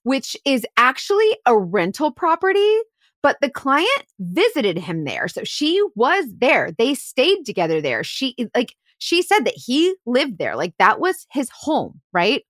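Lively woman telling an investigation story. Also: sits high, measured pace, dry recording, studio quality. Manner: animated, heavy use of "like". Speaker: private investigator. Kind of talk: casual storytelling podcast.

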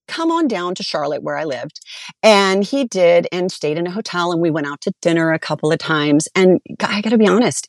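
A middle-aged woman tells a personal story as a podcast guest, animated and acting out what people said. Her voice is slightly low. It sounds close and dry, with no room echo. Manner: animated, acts out quoted dialogue.

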